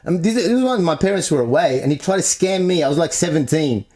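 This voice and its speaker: A man's voice: fairly high pitch, quick pace. A man hosting a casual chat, telling comic stories with a lot of laughter and acting out other people's lines. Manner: animated storyteller who acts out relatives' lines and laughs often. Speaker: comedian podcast host.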